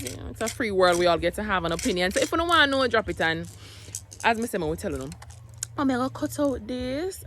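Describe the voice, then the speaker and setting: A woman's voice: mid-range voice, a bit bright. A young Jamaican woman talking casually to camera in a home vlog, chatty and rambling, slipping into patois. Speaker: vlogger, single mother.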